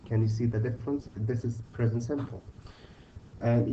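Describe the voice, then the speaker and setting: A man's voice: medium pitch, fairly even intonation, normal speed, warm tone. Man teaching grammar, distant dull recording. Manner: patient, repeats "okay?" to check understanding. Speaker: English teacher. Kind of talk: online grammar lesson. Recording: distant, dull mic with faint hiss.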